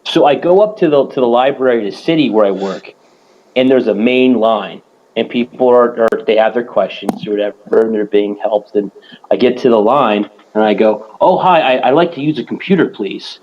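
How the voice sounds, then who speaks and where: A man co-hosting a podcast, telling stories in animated, profane casual chat. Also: fairly low pitch, normal speed, dull audio, slight background noise. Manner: animated storytelling, swears a lot. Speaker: podcast co-host.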